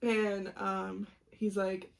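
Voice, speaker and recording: A woman's voice: mid-range voice, little pitch movement, very slow, vocal fry. Young woman, casual podcast storyteller, acts out quotes, laughs and swears. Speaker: podcast co-host.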